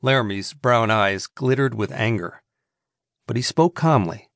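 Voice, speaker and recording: Man narrating a western, steady and dry. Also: medium pitch, creaky, no echo. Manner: steady, measured storytelling. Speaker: audiobook narrator.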